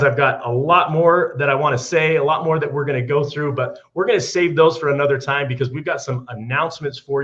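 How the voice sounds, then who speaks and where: Earnest man giving a rousing pitch, dull audio. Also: fairly bright tone. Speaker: company leader on a business call. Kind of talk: motivational business speech. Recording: dull archived call audio.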